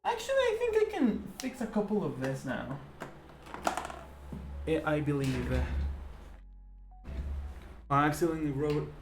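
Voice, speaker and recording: A streamer talks casually while drawing, rambling with lots of fillers and restarts. The voice swings widely in pitch, and it jumps up into excited, laughing greetings to viewers. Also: measured pace, pauses often, music in the background. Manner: rambling and chatty, with frequent fillers and self-corrections; laughs easily, with sudden excited outbursts. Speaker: live-stream host.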